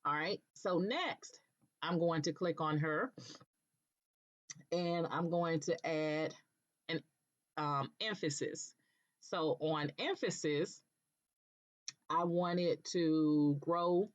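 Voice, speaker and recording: A woman presenting a screen-recorded software tutorial, explaining patiently step by step and checking in with "okay", with an occasional cough. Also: deep voice, slow pace, pauses often. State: coughing now and then. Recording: dull lo-fi recording.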